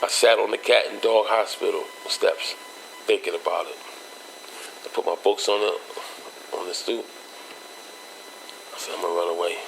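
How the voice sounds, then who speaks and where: Low gravelly guy telling a story, street slang, bit of hiss in the back. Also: fairly even intonation, a little slow, pauses often, fairly bright tone, low-quality recording. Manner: street slang, acts out quoted voices with raised pitch. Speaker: interview guest telling a life story. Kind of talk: casual storytelling.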